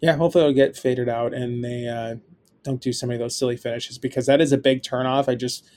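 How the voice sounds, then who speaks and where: A man's voice: medium pitch, quick pace. Man in casual profane wrestling chat. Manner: animated, profane storytelling. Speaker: podcast co-host.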